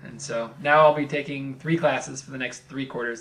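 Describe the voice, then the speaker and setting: Young guy hosting a podcast, bright crisp voice, laughs a lot, chatty. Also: mid-range voice, fairly even intonation, normal speed. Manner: upbeat, laughs often, reads listener mail aloud. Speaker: podcast host. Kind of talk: casual chat.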